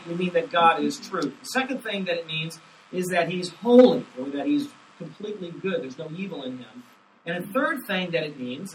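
A male pastor delivering an expository sermon, emphatic and slowing down to stress scripture. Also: a little high, a bit bright. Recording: distant mic with faint hiss.

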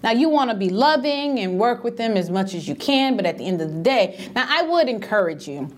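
Middle-aged woman, lively storyteller who acts out quoted voices, swooping pitch. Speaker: speaker on grief and end-of-life care. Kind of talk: animated storytelling talk.

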